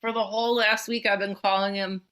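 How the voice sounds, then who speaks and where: A woman's voice: medium pitch, flat delivery, a little fast, a crowd in the background. A woman co-hosting a podcast in casual chat, blunt and playful, swearing casually. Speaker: podcast co-host.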